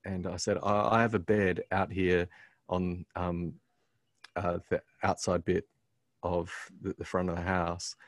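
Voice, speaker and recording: A man casually telling a personal story on a podcast, halting with many ums and restarts, earnest as he reflects on his faith. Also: low-pitched, level tone, no echo.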